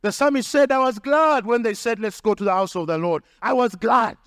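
High-voiced preaching pastor, dry sound. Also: male voice, fairly quick, fairly bright tone, smooth, no echo. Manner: emphatic preaching with repetition and acted quotes. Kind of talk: sermon.

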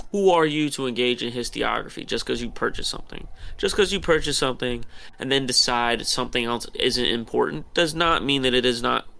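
A man's voice: medium pitch, vocal fry, bright, forceful tone. A man co-hosting a podcast, talking in a heated, profane rant. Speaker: podcast co-host. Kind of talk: casual podcast chat.

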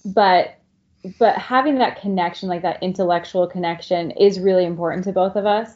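A woman's voice: on the low side, normal speed, darkish tone. A middle-aged woman in casual podcast chat, talking frankly and swearing freely, with lots of likes. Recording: dull lo-fi sound.

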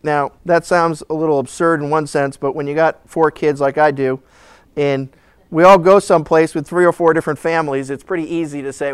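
A middle-aged male pastor teaching through a Bible passage in a sermon, telling the story in an animated way. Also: a little high, fairly quick, clear, resonant tone, dry recording. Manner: animated storytelling, acting out voices with laughs.

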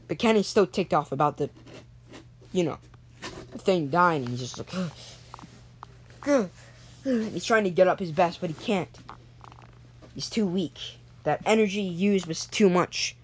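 Halting young improvising storyteller. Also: medium pitch, slight background noise. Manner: halting, with frequent restarts and self-corrections.

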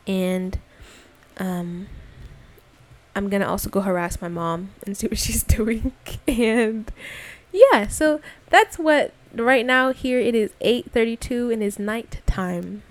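This is a young adult woman speaking into her own podcast as a casual diary. Her voice sits at an ordinary middle pitch, and she sounds relaxed and talkative. She rambles with slang, fillers and quick asides. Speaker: podcast host. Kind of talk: casual spoken diary monologue.

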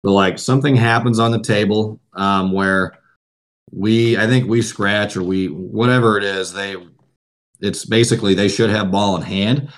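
Profane, animated male storyteller. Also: on the low side, normal speed. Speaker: podcast co-host. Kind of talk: casual storytelling chat.

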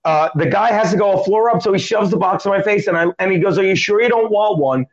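High-voiced male comedian telling a story. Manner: animated, quick joking delivery with acted quotes. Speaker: comedian guest. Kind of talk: storytelling in an interview. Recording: dull lo-fi sound.

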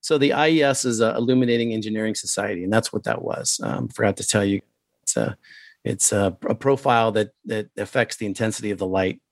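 A man with a rough voice today, talking casually and haltingly about computer graphics lighting, with many pauses and fillers. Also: fairly low pitch, no echo. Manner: halting, many ums, shares screen. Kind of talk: casual technical chat.

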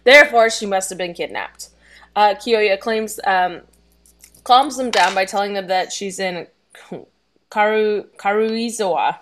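A woman's voice: mid-range voice, unhurried, a bit bright, slight background noise. A woman casually reading out and chatting over an anime episode recap on a video call, laughing often and tripping over words. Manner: reads a summary, laughs often, stumbles on words. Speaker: podcast co-host recapping an anime.

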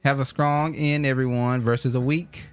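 A man's voice: medium pitch, steady tone, normal speed. A man co-hosting a podcast in casual chat, making wry, teasing asides. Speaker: podcast co-host.

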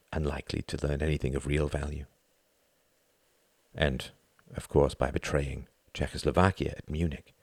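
A man narrating a novel as an audiobook in a measured, expressive reading. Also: rumbling low, gravelly, no room sound, clean studio sound.

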